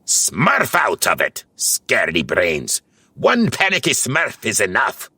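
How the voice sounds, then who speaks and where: A man voicing a tough, blunt male Smurf who barks gruff tough love, in a storybook reading. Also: deep voice, sing-song, slow pace, sharp tone, no echo, exaggerated voice.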